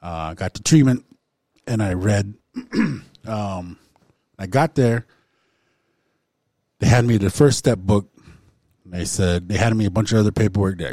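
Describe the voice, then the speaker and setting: A man sharing his personal testimony in a recovery circle, halting with fillers and frequent throat-clearing. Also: deep voice, mellow, dry recording, clean studio sound. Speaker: recovery group member sharing.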